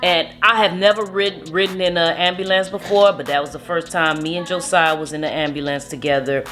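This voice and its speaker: A young woman recounts a family story with a lower-pitched voice. She talks casually and animatedly, slipping into the voices of the people she quotes. Soft music plays underneath. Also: a little fast. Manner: animated retelling, acts out quotes. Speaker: vlogger, mother.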